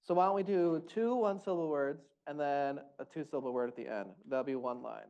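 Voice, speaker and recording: A man's voice: a little high, animated, fast, hardly any pauses, mellow. A man leading a group music workshop, giving encouraging, upbeat instructions.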